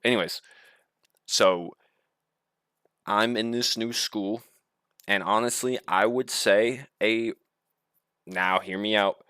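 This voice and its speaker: A man's voice: fairly low pitch, fairly bright tone, no echo, clean studio sound. A young man telling a story casually as a vlogger, rambling and swearing freely. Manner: rambling, profane, laughs while telling.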